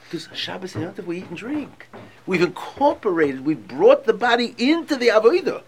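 Brief: man, text study teacher, lively singsong delivery, gravelly edge. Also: high voice, moderate pace, slight background noise. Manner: animated, emphatic, reads text aloud with feeling.

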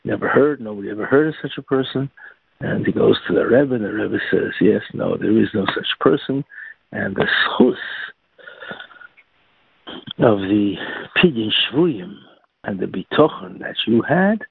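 A man telling a religious tale, halting, with frequent restarts and fillers. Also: fairly low pitch, lively intonation, gravelly, breathy edge, dry recording. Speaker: storyteller. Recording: tinny phone-like, dry recording.

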